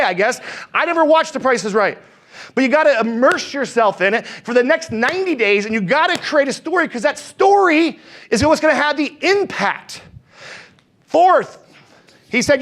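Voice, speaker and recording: A man's voice: extremely high pitch, moderate pace. A middle-aged man giving a motivational sales seminar, acting out conversations and asking the room questions. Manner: energetic, acts out dialogue, asks crowd questions. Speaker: insurance sales trainer.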